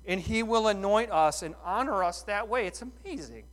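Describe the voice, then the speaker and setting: A middle-aged man preaching a sermon in a folksy, animated way, full of rhetorical questions. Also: sits high, normal speed. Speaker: pastor.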